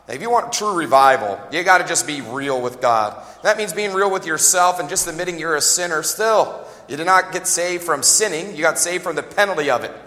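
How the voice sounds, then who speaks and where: A man in his forties preaching a revival sermon, lively and joking, often laughing and calling out to the congregation. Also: a little high, a little fast, long reverb tail. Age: 40s.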